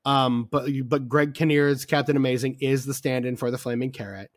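A man's voice: mid-range voice, fairly even intonation, moderate pace, no echo. A man co-hosting a casual film podcast, talking with rambling enthusiasm, full of fillers and casual swearing. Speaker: podcast co-host.

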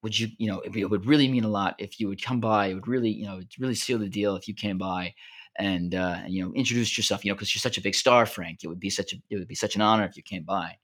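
A man's voice: fairly low pitch, fast, fairly bright tone. A man doing a fawning comedian pleading. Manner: pleading, rambling with restarts.

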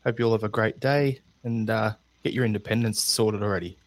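A man's voice: on the low side, steady tone, brisk, no echo. A man with an Australian accent hosting a casual podcast chat in a friendly, laid-back way. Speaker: podcast host.

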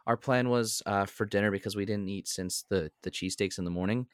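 A young man and podcast co-host telling a story in a casual, animated way. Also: a little fast, no echo, clean studio sound. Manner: animated storyteller, jumps into high voices when quoting.

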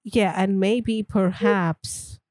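A woman's voice: medium pitch, fairly even intonation, extremely slow, darkish tone, dry recording. A woman co-hosting a movie podcast in a casual chat, easygoing and agreeable, chatting freely. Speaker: podcast co-host.

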